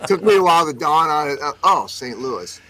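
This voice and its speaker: A man's voice: a little high, big pitch swings, a little fast, bright, forceful tone, slight background noise, rough recording. A man chatting on a radio show in an easygoing, amused way. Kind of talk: casual radio banter.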